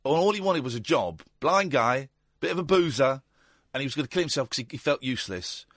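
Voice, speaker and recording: A man's voice: mid-range voice, lively intonation, fairly quick, a bit bright, no room sound, clean studio sound. An English man hosting a late-night call-in radio show, joking and teasing his callers. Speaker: radio host. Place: radio studio.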